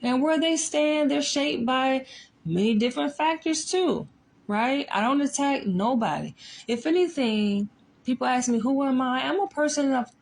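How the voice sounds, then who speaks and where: A woman's voice: sits high, expressive, moderate pace, vocal fry. A woman psychologist talking casually and emphatically, often tossing in rhetorical asides. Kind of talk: casual commentary.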